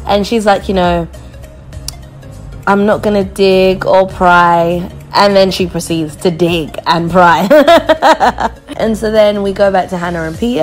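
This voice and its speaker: A woman casually recapping a TV episode, chatty and quick to laugh, mimicking the people she quotes. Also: fairly low pitch. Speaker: vlogger reviewing a TV show.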